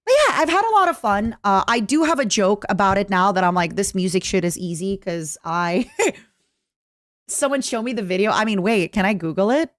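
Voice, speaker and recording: A young woman with a Canadian accent chatting casually with her stream viewers, jokey and full of quick asides. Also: medium pitch, animated, a bit bright, no echo, studio quality. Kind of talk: casual livestream chat.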